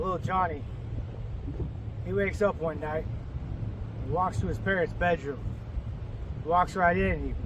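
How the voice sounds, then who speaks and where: Guy telling a dirty joke outside, highish voice, far from the mic, traffic loud behind him. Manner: casual storytelling, crude language. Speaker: joke teller.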